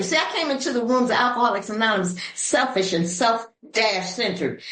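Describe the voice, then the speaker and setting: An older woman from Los Angeles speaking at a recovery meeting, telling her story in an animated, preacherly way with sudden voice shifts. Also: fairly high pitch, reverberant, low-quality recording. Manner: African American Vernacular English grammar. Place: meeting room.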